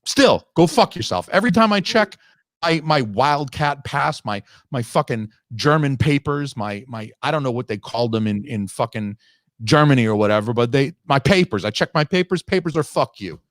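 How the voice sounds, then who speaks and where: Male podcast host, foul-mouthed ranting storyteller, average pitch, dry room. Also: lively intonation, normal speed, no room sound. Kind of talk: casual chat.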